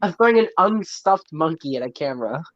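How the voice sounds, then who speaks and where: A teenage boy with a slightly high, expressive voice talks fairly quickly as a podcast guest, calling in from his phone with a crowd audible behind him. He's goofy, pokes fun at himself, and cracks jokes throughout this casual chat. The call audio sounds dull and dry.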